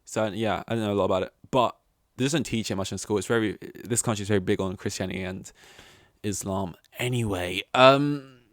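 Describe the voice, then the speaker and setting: A man's voice: fairly low pitch, a little fast, no room sound, studio quality. A young man hosting a solo podcast, rambling through tangents with many restarts. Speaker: podcast host.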